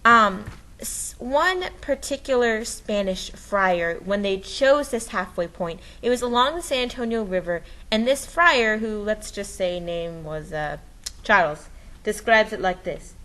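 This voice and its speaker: In a rough recording, a woman teaches a history lesson step by step, her medium-pitched voice bright and forceful with lively intonation at a measured pace. The recorded lesson is playful and enthusiastic, full of dramatic sound effects and frequent "okay?" checks.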